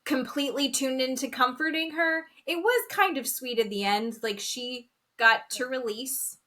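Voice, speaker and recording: A woman's voice: high-pitched, fairly even intonation, measured pace, bright, forceful tone. A woman co-hosting a podcast, chatting casually and acting out quotes with big swings in her voice. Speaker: podcast co-host. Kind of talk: casual chat recapping reality TV.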